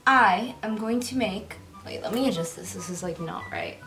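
A woman's voice: medium pitch, moderate pace, fairly bright tone, faint music behind. A young woman talking casually to camera in a chatty, giggly, self-mocking way. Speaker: YouTuber. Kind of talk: casual vlog bloopers.

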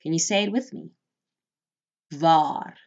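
Slow, patient woman language teacher. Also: on the low side, expressive. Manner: patient, repeats words for learners. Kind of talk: slow, clear language lesson. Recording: slightly dull, muffled audio.

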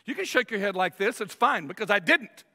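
High gravelly preacher in a reverberant hall. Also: male voice, sing-song, brisk, bright, forceful tone. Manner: emphatic preaching, acts out whiny voices. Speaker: pastor. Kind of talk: sermon. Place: large church sanctuary. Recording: long reverb of a church hall.

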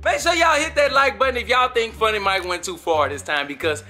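Young guy vlogging outside on his phone, high bright voice, loud teasing and laughing. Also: fairly quick, soft background music. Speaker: vlogger host. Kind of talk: casual prank vlog. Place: outdoors by a lake.

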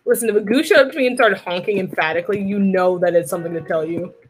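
A woman's voice: medium pitch, fast talker, background noise. A woman streaming a video game, joking and teasing as she plays, with sudden silly voices. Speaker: streamer playing a goose game. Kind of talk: playful let's-play commentary.

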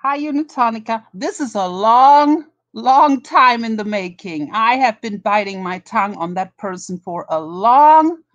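A woman's voice: on the high side, lively intonation, a little slow, few pauses, no echo, highs cut off. A woman with a German accent hosting a live drama commentary stream, greeting chatters and mocking rivals with lots of swearing. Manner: profane, mocking, greets viewers one by one.

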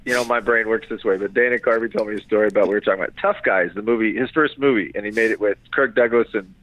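A comedian chatting by phone, animated and quick to slip into impressions, on a tinny phone line. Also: male voice, fairly low pitch. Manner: animated, keeps slipping into impressions. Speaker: comedian guest. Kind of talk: casual phone interview.

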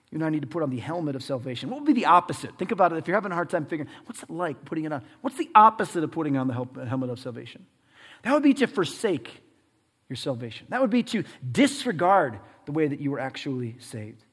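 Reverberant pastor preaching with dramatic swings. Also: male voice, medium pitch, lively intonation, fast, slightly rough. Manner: dramatic swings between loud and hushed delivery. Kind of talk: sermon.

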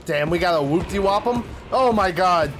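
A man commentating his own gameplay, excitable and profane, trash-talking the game, yelping and shouting at sudden scares, sometimes laughing as he talks. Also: high-pitched, normal speed, faint music behind. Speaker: gaming channel host.

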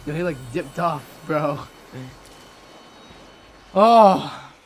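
A young man commentating while playing a video game, excitable and swearing, swinging between low mutters and loud outbursts. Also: normal speed, husky. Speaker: gaming video creator. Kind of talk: let's play commentary.

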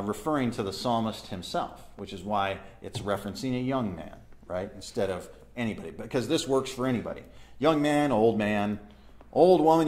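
A man's voice: medium pitch, darkish tone. A man leading a church Bible study. He reads verses aloud, explains them and asks his listeners questions.

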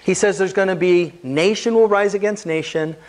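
A man's voice: high voice, moderate pace, a little mellow. A man preaching a sermon as pastor, earnest and building emphasis as he explains scripture.

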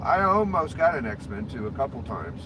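A man's voice: mid-range voice, very animated, normal speed. A man ranting and chatting casually on a stream, profane, rambling and blunt. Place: inside a car. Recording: clear road and engine noise.

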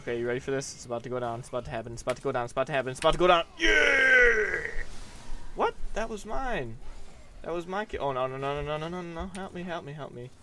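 A young man giving goofy, self-mocking commentary while he plays a video game and answers viewer questions, often breaking into high yelps. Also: animated, very fast, background noise. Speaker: gaming vlogger. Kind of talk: gameplay commentary with Q&A.

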